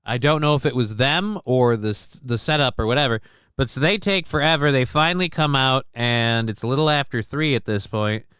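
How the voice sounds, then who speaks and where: A man's voice: mid-range voice, a little fast, a bit bright, clear, resonant tone, no room sound. A middle-aged man hosting a casual live stream from his desk at home, rambling through a story, swearing freely, reading viewers' messages aloud and acting out quotes in a livelier voice. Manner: quotes himself and others in livelier raised voice. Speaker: livestream host.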